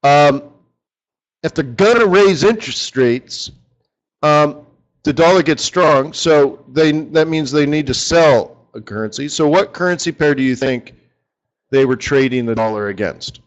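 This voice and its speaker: A man's voice: fairly high pitch, unhurried, poor audio. A man leading a live forex strategy session, chatty and joking, talking straight to his viewers.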